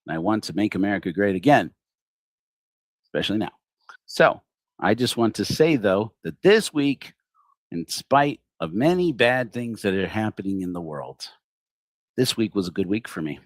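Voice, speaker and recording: A middle-aged man delivers a livestreamed satirical sermon in a low voice that leaps up and down with ironic, theatrical flattery. The sound is close and dry, with no room around it. His sarcasm never lets up. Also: normal speed, long pauses, dry recording. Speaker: host of a secular online congregation.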